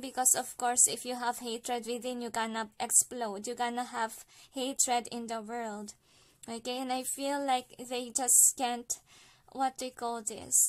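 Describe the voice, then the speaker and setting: A woman from the Philippines giving a casual spoken card reading, chatty, with many fillers, often ending her points with "okay?". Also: fairly high pitch. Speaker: card reader.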